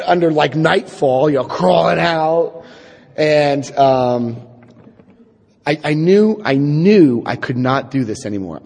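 A middle-aged man from New Jersey telling a personal recovery story, wryly and self-deprecatingly, acting out dialogue with halting restarts. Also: fairly high pitch, creaky, darkish tone, breathy edge. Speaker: speaker sharing his recovery story. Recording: long hall reverb.

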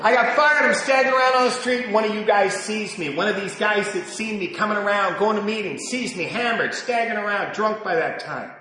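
A man in his sixties sharing his personal story with a live audience at a recovery meeting, animated and swinging between loud and hushed. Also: high-pitched, brisk, hardly any pauses, a crowd in the background. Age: 60s. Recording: echoey hall recording.

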